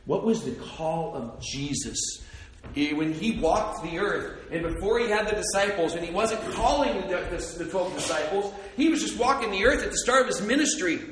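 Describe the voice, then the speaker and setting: A man preaching a sermon, dropping soft and low for hushed passages and climbing to near-shouts at the peaks. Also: animated, normal speed, echoey room, a little hiss or hum, low-quality recording. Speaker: pastor.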